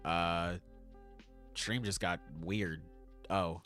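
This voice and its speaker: A man co-hosting a casual chat podcast, excitable and slangy, laughing often. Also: low-pitched, drawn-out words, soft background music. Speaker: podcast co-host.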